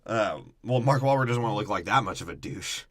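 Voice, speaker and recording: A man's voice: fairly low pitch, lively intonation, brisk. A man co-hosting a podcast, profanely mocking a movie in crude, joking chat. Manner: profane, mocking, swings into loud impressions. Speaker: podcast co-host.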